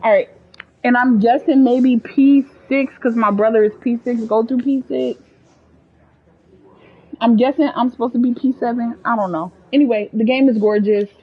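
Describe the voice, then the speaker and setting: A chatty, expressive woman with an African American English accent, giving casual commentary on a video game to her viewers. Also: fairly high pitch, normal speed, husky, phone-quality sound. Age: adult. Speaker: gaming streamer.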